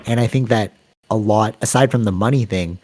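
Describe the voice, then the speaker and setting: A man with a lowish voice talks through ideas in a relaxed podcast chat. He rambles and circles back, acting out little quotes as he goes. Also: a little fast. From Canada. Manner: rambling, animated storytelling with acted-out quotes. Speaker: podcast co-host. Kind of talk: casual chat.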